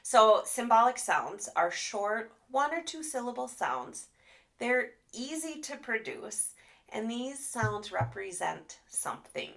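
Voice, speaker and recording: A woman speech therapist giving a live training talk, animated and expressive as she demonstrates sounds. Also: fairly high pitch, slow, vocal fry.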